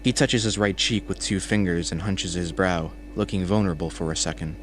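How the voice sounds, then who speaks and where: A man narrating a horror story in a measured, scripted storytelling voice. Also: low-pitched, a little hiss or hum.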